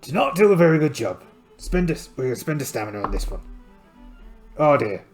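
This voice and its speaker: Brisk and very animated, a man with a mid-range voice hosts a solo tabletop game. He tells it like a playful story and voices his thoughts on the dice rolls, over a faint musical backing.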